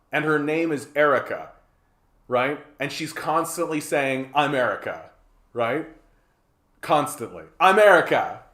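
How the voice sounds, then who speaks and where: A sarcastic man rambles through a live political stream, swearing freely. His mid-pitched voice rings in a roomy, echoey room. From Canada.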